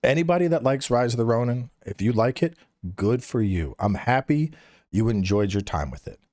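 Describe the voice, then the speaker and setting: A man's voice: medium pitch, lively intonation, moderate pace, darkish tone, no room sound, clean studio sound. A man ranting bluntly and profanely in casual podcast banter. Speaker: podcast guest.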